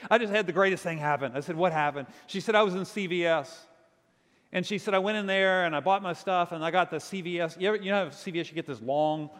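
A man from Virginia, a pastor preaching a sermon and telling stories with lively quoted voices. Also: fairly high pitch, big-room sound.

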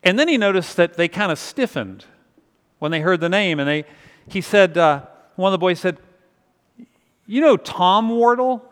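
A man's voice: sits high, expressive, normal speed, a bit bright, clear, resonant tone. Man preaching in a reverberant hall. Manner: conversational storytelling, repeats words as he goes. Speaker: pastor. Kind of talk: sermon. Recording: long reverb of a large hall.

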